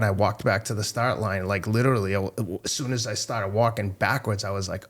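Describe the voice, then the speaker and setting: Frank, low-voiced middle-aged man. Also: steady tone, a little fast, few pauses, fairly bright tone. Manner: frank and emotional, swearing, laughing at himself. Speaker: podcast guest, runner. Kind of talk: candid conversational interview.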